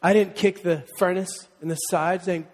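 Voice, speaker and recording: A fairly high-voiced male pastor delivers a lively sermon, joking with the congregation and calling on them to repeat words back. His voice rings through a church sanctuary with a long reverb tail. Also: moderate pace, slight background noise. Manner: call-and-response, animated and joking.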